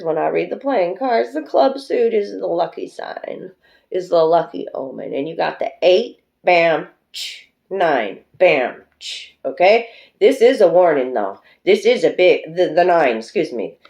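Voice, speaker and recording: A woman's voice: low voice, a little mellow, dull audio. A woman doing a pick-a-card tarot reading, chatty and emotional, who swears freely and speaks fondly to her viewers. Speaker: tarot reader.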